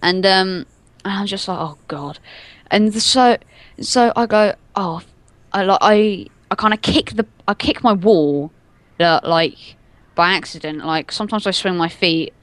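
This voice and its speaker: A woman's voice: mid-range voice, measured pace, a bit bright, no echo. A young adult woman telling a story in casual chat, rambling and giggling, stringing everything together with "and then". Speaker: podcast co-host telling a story.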